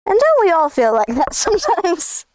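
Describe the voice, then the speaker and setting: A woman's voice: extremely high pitch, wildly swooping pitch, normal speed, a little mellow. A woman, chatting casually on a livestream while drawing, rambling playfully with jokey asides. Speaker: streamer.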